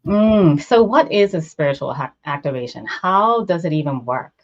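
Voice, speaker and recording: A woman's voice: low voice, animated, moderate pace, dull audio. A woman co-hosting a casual conversation on a video call, affirming and enthusiastic.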